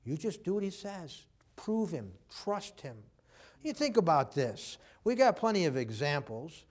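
This preacher recounts something from his own life during a sermon, chatting casually and acting out each person's lines as he quotes them. His voice is fairly high for a man, swings widely in pitch, and keeps a measured pace.

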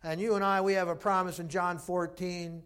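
A male preacher with a fairly high voice. He preaches in a folksy, storytelling way, full of asides and fillers. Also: level tone, moderate pace, a bit bright, smooth. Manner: folksy storytelling with frequent "boy" and "uh". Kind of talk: sermon.

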